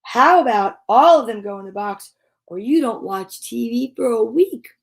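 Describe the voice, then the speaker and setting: A woman's voice: fairly high pitch, expressive, moderate pace, creaky. A woman voicing a dramatic young boy who haggles over his toys, pleading and theatrical. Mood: bargaining.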